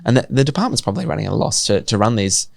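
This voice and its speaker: A young Australian man, a city councillor co-hosting a podcast, chatting casually in a quick, wry, joking way. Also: on the low side, gravelly, no echo, clean studio sound. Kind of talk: casual chat.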